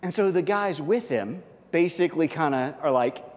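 Conversational preacher in an echoing hall. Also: male voice, on the high side, expressive, moderate pace. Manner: conversational, heavy use of fillers. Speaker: pastor. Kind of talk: sermon.

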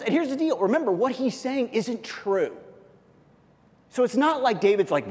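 A man's voice: extremely high pitch, sing-song, normal speed, big-room sound. A man preaching a sermon in a casual, conversational way, full of fillers and asides. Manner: conversational, heavy use of fillers. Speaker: pastor.

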